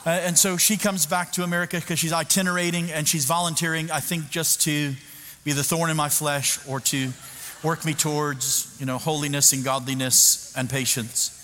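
Animated man preaching in an echoing hall. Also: on the high side, normal speed. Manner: animated, self-mocking, with frequent restarts. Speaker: pastor. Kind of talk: storytelling sermon. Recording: echoey hall with background noise.

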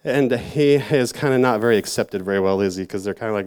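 A man's voice: fairly low pitch, fast, a little mellow, clean tone. A man giving a casual, rambling sermon to a youth group, full of fillers and self-mocking asides. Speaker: youth church speaker.

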